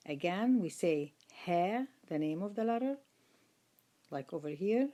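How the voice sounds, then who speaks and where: Woman, patient letter-by-letter teaching, lowish voice, unhurried. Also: lively intonation, warm tone. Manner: patient, repeats each sound several times. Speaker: Quran reading teacher. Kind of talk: slow step-by-step lesson.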